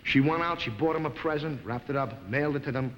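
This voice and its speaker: A comedian delivering a monologue as an exasperated husband, in an old television broadcast. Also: male voice, fast talker. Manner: exasperated, animated storytelling with big pitch swings. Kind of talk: comic monologue. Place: television studio stage. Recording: 1950s television broadcast, hall reverb, noisy.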